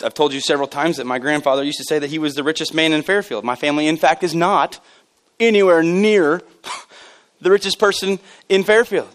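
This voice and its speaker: A man in his thirties preaches to a congregation with a high-pitched voice. He swings from loud, excited bursts down to hushed, low asides. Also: fairly quick. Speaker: pastor. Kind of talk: sermon. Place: church sanctuary.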